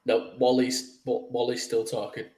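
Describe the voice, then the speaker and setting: A man's voice: mid-range voice, monotone, normal speed, darkish tone, echoey room. A man hosting a casual sports chat show, joking and teasing his co-host with some swearing. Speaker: podcast host.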